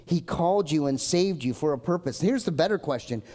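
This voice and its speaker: A man preaching a live sermon in a church hall, earnest and emphatic, swinging between forceful lines and hushed ones. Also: on the high side, expressive, brisk. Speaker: pastor. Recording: long hall reverb from a church.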